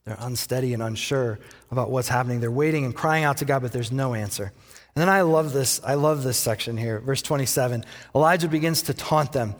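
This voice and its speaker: A man preaching a sermon as a pastor, telling the story in a lively way and acting out the quoted lines with playful taunts. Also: mid-range voice, brisk, long reverb tail.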